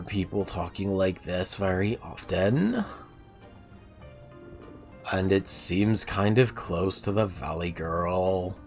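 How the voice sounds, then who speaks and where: A man's voice: low voice, animated, takes it slowly, pauses often, soft background music. A man casually chatting on a game livestream, self-deprecating and answering viewers' chat. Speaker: game streamer.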